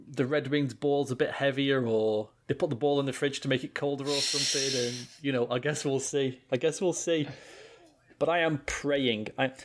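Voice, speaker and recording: British male podcast co-host, mid-pitched, casual, sweary, ranting. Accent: British English. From Britain. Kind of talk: casual chat.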